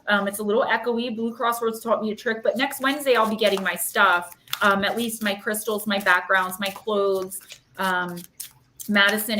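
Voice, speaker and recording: A woman's voice: mid-range voice, pushed and bright, a little hiss or hum. A woman in her thirties giving chatty, rambling card readings on a live stream in an echoey room. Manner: chatty and rambling, fillers, emotional. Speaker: intuitive card reader.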